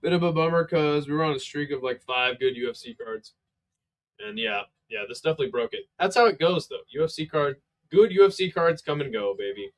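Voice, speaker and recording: A sleepy, worn-out-sounding man gives casual live play-by-play of a fight on a stream, swearing freely. His medium-pitched voice is animated and a little fast, and his manner stays laid-back.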